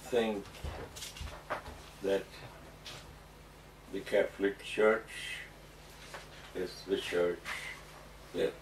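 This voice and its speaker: A man answering interview questions slowly and hesitantly, with frequent ums and restarts. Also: low voice, fairly even intonation. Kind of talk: halting explanatory interview answers. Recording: echoey room, distant mic, faint noise.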